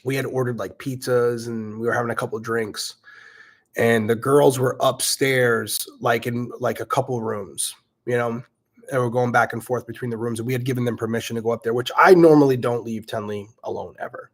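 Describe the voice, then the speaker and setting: Animated, casually swearing middle-aged man. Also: medium pitch, fairly quick. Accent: regional accent, self-noted. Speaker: podcast host. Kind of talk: casual Q&A storytelling.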